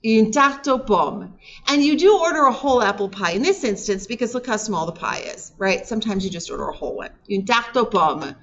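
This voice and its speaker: A woman teaching a recorded French lesson, slowly modeling words for learners to repeat and prompting them warmly between drills. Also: on the high side, lively intonation. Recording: dull lo-fi recording.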